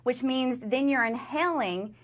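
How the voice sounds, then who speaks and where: A female radio host appearing as a guest, telling her story with animation. Her voice sits a little higher than most women's. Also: a little slow. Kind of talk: talk show interview.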